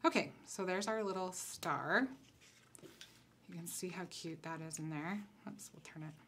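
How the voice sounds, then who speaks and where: A woman with a slightly low voice walks viewers through a craft project. She is chatty and relaxed, thinking aloud as her hands stay busy. A faint room noise sits under her voice. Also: a little slow. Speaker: concept designer demonstrating crafts. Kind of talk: casual craft tutorial.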